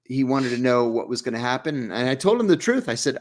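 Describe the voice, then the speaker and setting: A man's voice: medium pitch, very animated, brisk. Male interview guest, mid-range voice, storyteller who acts out dialogue. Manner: vivid first-person storytelling, acting out dialogue.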